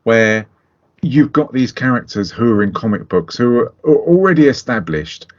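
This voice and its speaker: A man's voice: medium pitch, animated, normal speed. Man, middle-aged, casual film podcast, sweary and blunt, dull lo-fi sound. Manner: blunt, sweary, laughs often. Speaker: podcast co-host. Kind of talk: casual film review chat.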